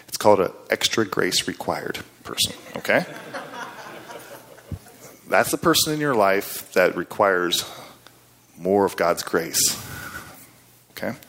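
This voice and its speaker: A man's voice: sits low, moderate pace, pauses often, pushed and bright. A middle-aged man preaching a sermon in a conversational, folksy way, with asides and rising emphasis. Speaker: guest preacher.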